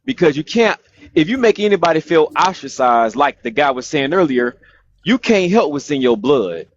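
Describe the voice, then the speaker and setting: A man's voice: fairly high pitch, sing-song, normal speed. Earnest man on dull lo-fi audio. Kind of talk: casual group discussion. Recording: dull lo-fi audio with faint hiss.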